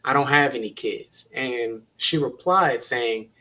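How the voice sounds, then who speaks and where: Bright-voiced earnest teacher man. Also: mid-range voice, slow pace, low-quality recording. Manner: earnest, encouraging, retells conversations. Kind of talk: panel talk, encouraging youth.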